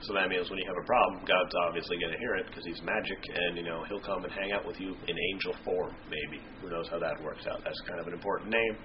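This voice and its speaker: A man's voice: deep voice, steady tone, quick pace, hardly any pauses, noisy background. A man reading a Bible passage and then explaining it in an irreverent, joking, slangy way. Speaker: Bible study video host. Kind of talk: scripture reading and casual explanation. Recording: dull lo-fi home recording.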